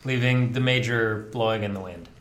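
A man's voice: fairly low pitch, moderate pace, a bit bright. A man running a tabletop game as game master, narrating the action vividly in a casual way. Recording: echoey room with faint noise.

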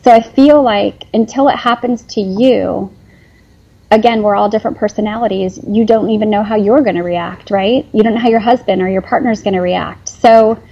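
Earnest woman with a mellow husky voice. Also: medium pitch, moderate pace, dull audio. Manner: earnest, rambling with restarts and fillers. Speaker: guest, company founder and former nurse. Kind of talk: emotional interview conversation.

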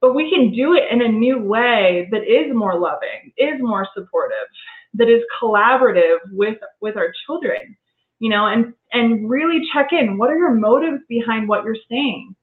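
A woman's voice: on the high side, expressive, moderate pace. A woman talking earnestly in a casual conversation, reflective and prone to restarting her sentences. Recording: tinny phone-line sound in an echoey room.

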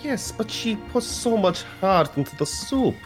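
A man's voice: sits high, big pitch swings, a little slow, soft background music, voice pushed up. Man doing a hearty Scottish farmer dad. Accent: Scottish, drifting Russian. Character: gruff older Scottish farmer father with a shovel.

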